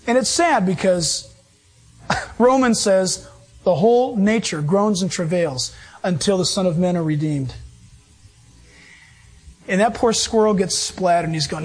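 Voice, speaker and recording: A man preaching a sermon as pastor, emphatic and animated with quick bursts. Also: high voice.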